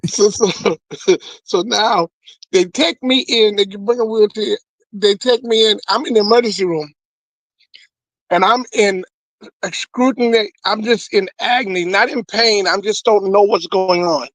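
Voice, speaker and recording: A man, a comedian, telling his testimony as an animated story, often repeating words. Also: high voice, a little slow, no echo, poor audio. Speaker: guest comedian.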